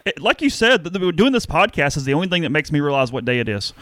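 A man co-hosting a podcast, talking quickly and in tumbling restarts during casual chat. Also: fairly high pitch, no room sound, studio quality. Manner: rapid, lively, tumbling restarts. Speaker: podcast co-host.

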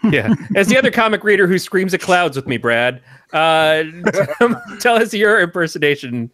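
A man's voice: sits high, moderate pace, dry recording, studio quality. A man co-hosting a casual podcast roundtable, joking and steering the conversation. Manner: joking, lively, steers the talk. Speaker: podcast co-host.

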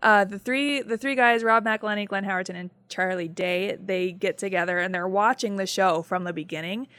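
Woman on a podcast, excitable and casual, dry close sound. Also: medium pitch, a little fast, smooth, no echo. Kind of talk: casual chat.

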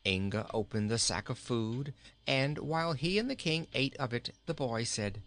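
A man reading a storybook aloud as narrator, in a measured, expressive storytelling manner. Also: medium pitch, soft background music.

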